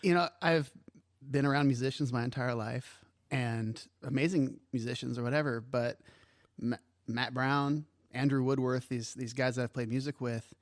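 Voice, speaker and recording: A man's voice: mid-range voice, fairly even intonation, moderate pace, dry recording, studio quality. A man co-hosting a casual movie podcast, ranting emphatically and swearing freely. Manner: emphatic, swears a lot, rants. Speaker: podcast co-host.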